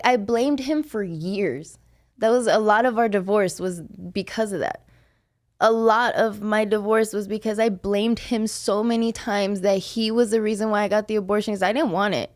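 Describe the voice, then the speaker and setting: A woman's voice: on the high side, darkish tone. Blunt, profane young woman telling her story. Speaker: podcast host. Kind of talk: casual podcast chat.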